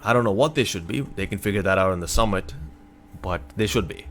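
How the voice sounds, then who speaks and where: A man from North America streaming at his computer, reading a news article aloud and reacting in a casual, exasperated way, sometimes breaking into loud remarks. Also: lowish voice, brisk, slight background noise. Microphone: computer desk mic.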